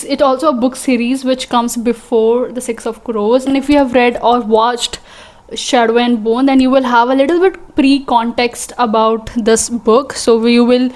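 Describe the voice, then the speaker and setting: A young woman with an Indian English accent, chatting excitedly and rambling as a book vlogger. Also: a little high, normal speed. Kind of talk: casual vlog chat.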